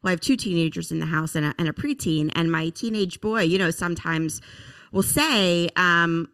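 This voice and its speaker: Low-voiced chatty woman host. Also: fairly bright tone, dry recording, studio quality. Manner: chatty, halting, many fillers. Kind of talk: casual conversation.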